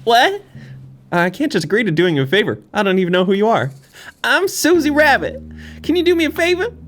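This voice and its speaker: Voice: mid-range voice, big pitch swings, a little fast, slight background noise, voice pushed up, lightly acted. A gamer putting on a sassy, huffy young rabbit girl. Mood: pushy. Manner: whiny, huffy and demanding. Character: sassy young female rabbit, pushy and indignant.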